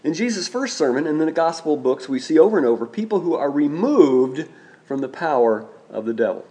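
A man delivers a sermon from the pulpit in a slightly higher than usual voice. He speaks in a measured way and slows down to repeat key phrases for emphasis. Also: very animated, dark tone. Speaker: preacher.

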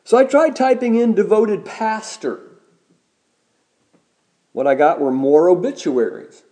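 A man preaching a sermon as a pastor, measured and deliberate, slowing down to stress key words. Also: high-pitched, dark tone.

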